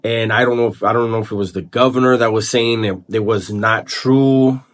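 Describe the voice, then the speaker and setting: Halting man hosting a vlog. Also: lowish voice, steady tone. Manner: halting, repeats words and restarts while thinking aloud. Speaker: channel host. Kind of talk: casual vlog commentary.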